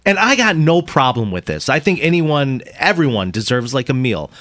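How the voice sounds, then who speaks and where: A man hosting a morning radio show, telling a story in a casual, animated way and laughing as he goes. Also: mid-range voice, normal speed, no room sound.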